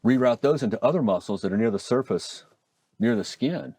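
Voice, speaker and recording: A middle-aged man from Oregon, a hand surgeon telling stories and explaining procedures in a folksy, animated interview manner. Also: mid-range voice, fairly quick, gravelly, husky, dry recording. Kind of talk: conversational interview storytelling.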